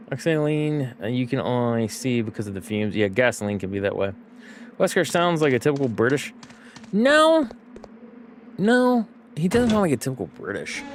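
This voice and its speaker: A man's voice: mid-range voice, noisy background. A man rambling through casual gameplay commentary, often stopping to correct himself. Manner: rambling, self-correcting, chatty. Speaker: streamer.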